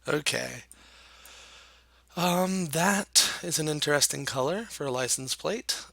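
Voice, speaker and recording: A man casually commenting while playing a geography guessing game, thinking out loud with many hesitations and self-deprecating remarks. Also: fairly high pitch, takes it slowly, vocal fry, no room sound. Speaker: gameplay commentator. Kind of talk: casual let's-play commentary.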